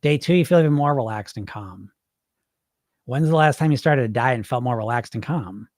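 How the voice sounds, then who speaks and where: A man's voice: mid-range voice, brisk, a little mellow, no echo, clean studio sound. A man who works as a weight loss coach, talking casually and emphatically, answering viewer questions with many rhetorical questions. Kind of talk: casual live Q&A coaching talk.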